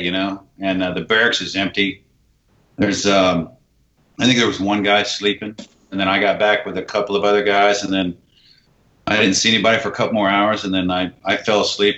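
Low-voiced bright man, roomy lo-fi sound. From United States. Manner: animated, acts out dialogue, swears casually. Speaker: guest, army veteran. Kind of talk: casual storytelling.

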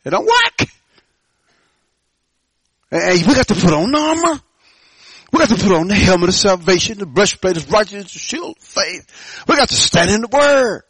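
A male pastor preaches to his church in a high-pitched voice. He leaps up into loud calls, then drops to near-quiet asides, often stumbling over repeated words. The sound is dry and close. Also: sing-song, normal speed, long pauses, breathy edge, no echo. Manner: preaching with sudden loud rises and soft drops; stammering restarts. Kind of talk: sermon.

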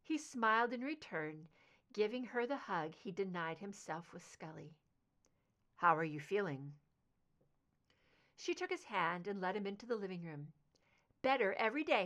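Woman reading fanfic out loud, bright voice, pretty emotive. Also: medium pitch, animated, moderate pace. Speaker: audiobook reader. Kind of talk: fan fiction narration.

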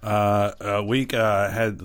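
A man's voice: fairly low pitch, level tone, takes it slowly, smooth. A man, a stand-up comic, co-hosting a casual podcast with dry, understated storytelling. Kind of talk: casual comedy podcast chat.

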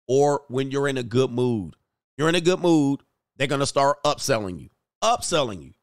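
A man's voice: mid-range voice, a little fast, clean tone, no echo, studio quality. A middle-aged man hosting a relationship coaching show, giving blunt, profane commentary on a news story and lecturing his listeners.

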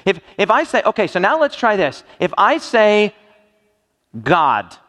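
A man's voice: sits high, big pitch swings, a little slow, a bit bright. A man preaching a sermon in a church hall, joking and quizzing his listeners with playful questions. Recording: long reverb of a large hall.

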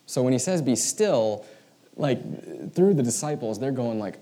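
A man preaching a sermon in a casual, animated storytelling way, often acting out the voices he quotes. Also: mid-range voice, unhurried. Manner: casual, many fillers like "like" and "right". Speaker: pastor.

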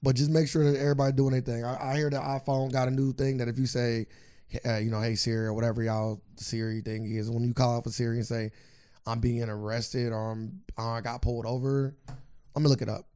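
A man's voice: medium pitch, level tone, fast, dark tone, clear, resonant tone. A man co-hosting a podcast in casual chat, earnest, hedging and restarting as he talks. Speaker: podcast co-host.

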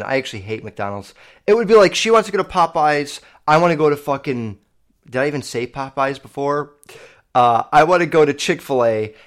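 A man in his twenties hosting a podcast, telling personal stories in a loose, profane, filler-heavy way. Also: medium pitch. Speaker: podcast host. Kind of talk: casual storytelling monologue.

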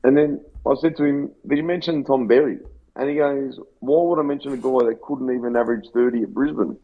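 Gravelly, sweary Australian bloke on a tinny line. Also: male voice, medium pitch, steady tone, a little fast. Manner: brash, sweary banter. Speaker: podcast co-host. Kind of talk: casual sports chat.

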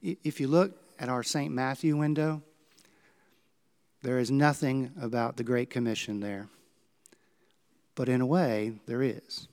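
A male pastor, preaching a sermon and telling stories with dramatic swings in pitch and volume. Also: fairly even intonation, unhurried, long pauses, darkish tone.

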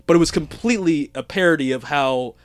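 A man's voice: a little high, brisk, dry recording. A man hosting a podcast, chatting casually, reading listener reviews aloud and laughing often. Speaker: podcast host.

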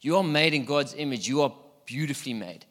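A man's voice: mid-range voice, lively intonation, brisk, a bit bright. A middle-aged man preaching a sermon in a church hall, chatty and playful, quizzing his congregation. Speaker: pastor.

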